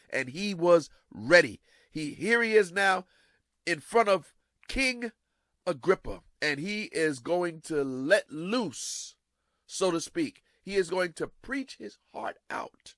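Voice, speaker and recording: A man pastor preaching a sermon dramatically, repeating his phrases and swinging from hushed to loud. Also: sits high, lively intonation, slow pace, dry recording.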